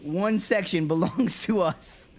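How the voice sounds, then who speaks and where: A man's voice: high-pitched, slow. A man chatting casually while streaming a game, rambling and laughing often. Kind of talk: casual chat while gaming.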